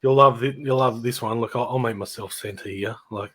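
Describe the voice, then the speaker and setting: A man's voice: mid-range voice, moderate pace, a bit bright. Rambling Australian man telling band stories. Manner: rambling, laughs through stories, mimics people. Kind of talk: casual anecdotal chat.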